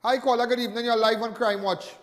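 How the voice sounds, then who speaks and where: A middle-aged man with a Trinidadian accent hosting a live call-in crime talk show, animated and emphatic, often repeating phrases for effect. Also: very high-pitched, fast talker, long reverb tail. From Trinidad and Tobago.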